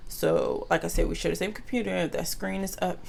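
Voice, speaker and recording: A young adult woman vlogger telling a casual story to her viewers in an animated, slangy way. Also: on the low side, fairly quick, vocal fry, slight background noise.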